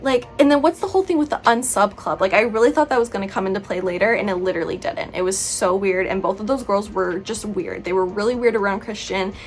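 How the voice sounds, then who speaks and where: A woman's voice: medium pitch, fast talker, few pauses. A woman chatting through a book review vlog, exasperated and rambling, with many "like"s. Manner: exasperated, chatty, heavy use of "like".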